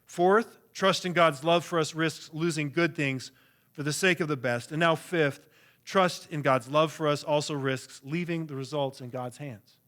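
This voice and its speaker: A man preaching a sermon with an earnest, emphatic delivery. His voice sits a little higher than most men's, and he often repeats words as he builds to his point. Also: a little slow, a bit bright. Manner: earnest, emphatic preaching with frequent word repetitions. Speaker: pastor.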